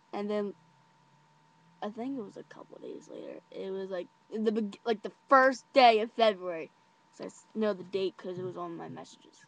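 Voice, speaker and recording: A teenage girl telling a story to camera in a casual, chatty way, full of fillers and giggles. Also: medium pitch. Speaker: vlogger.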